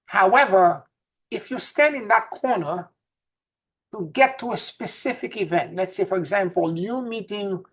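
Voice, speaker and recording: An earnest woman gives a casual spiritual talk as if chatting with listeners. She tells her stories by circling back and repeating key points. Her delivery shifts between soft, low asides and sudden emphatic lifts. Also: expressive, normal speed, poor audio. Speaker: spiritual teacher.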